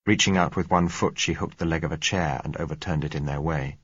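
Deep-voiced, husky male narrator. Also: steady tone, a little fast, fairly bright tone, no room sound, dull audio. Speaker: audiobook narrator. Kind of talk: scripted first-person narration.

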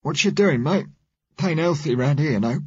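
A man voicing a dying, rough-spoken London working man, blunt and slangy, sounding weak and sickly. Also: fairly high pitch, expressive, normal speed, no echo, pitched above the performer's own voice. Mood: gruff. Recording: dull, muffled recording.

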